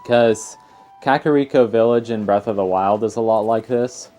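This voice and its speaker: A young man chats his way through a let's play, wandering off on tangents and scattering fillers as he goes. His voice sits a little low and mellow, and faint game music plays underneath. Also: normal speed. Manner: rambling and chatty, full of fillers and tangents. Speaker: let's player. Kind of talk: casual gameplay commentary.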